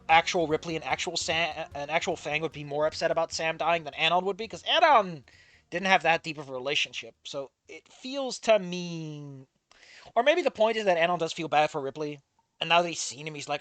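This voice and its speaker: Animated, sarcastic fiction critic. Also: mid-range voice, a little fast, soft background music. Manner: sarcastic, exasperated, swearing, laughing, trailing off quietly. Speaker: fan fiction reader and critic. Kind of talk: sarcastic commentary on a story read aloud.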